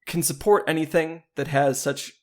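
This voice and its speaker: A man's voice: a little high, fairly even intonation, normal speed. A man co-hosting a podcast in playful, rambling casual chat, often laughing. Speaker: podcast co-host.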